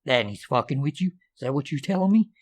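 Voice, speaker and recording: A hot-tempered, gruff father, as a man voices him, snapping out curses and threats. His voice stays close to the storyteller's own, only a little raised. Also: medium pitch, expressive, fast talker, lightly acted. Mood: irritated.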